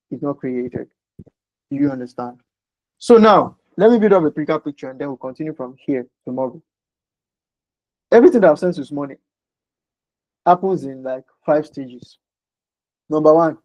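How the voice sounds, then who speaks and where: Guy teaching trading, says stuff twice, asks do you get, slightly high mellow voice, lo-fi dull audio. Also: no room sound. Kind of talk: informal explanation lesson. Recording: dull lo-fi sound.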